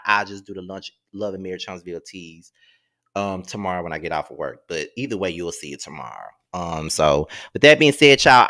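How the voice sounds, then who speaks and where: A man's voice: sits low, bright, forceful tone. A man hosting a gossip commentary show, ranting in a blunt, slangy, exasperated way. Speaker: host. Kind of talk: casual commentary rant.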